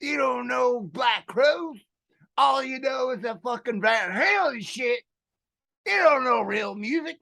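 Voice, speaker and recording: A man voicing a loud, drunk Southern redneck rock fan who swears and shouts his rants. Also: very high voice, expressive, slow, creaky, voice pushed up, heavily acted. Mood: rowdy. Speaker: podcast co-host.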